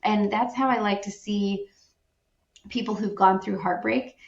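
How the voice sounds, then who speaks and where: A woman's voice: mid-range voice, fairly even intonation, measured pace, creaky, echoey room, highs cut off. A woman talking as a podcast guest, earnest and reflective, sometimes acting out the reactions she quotes. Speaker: podcast guest, wellness speaker. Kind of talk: podcast conversation.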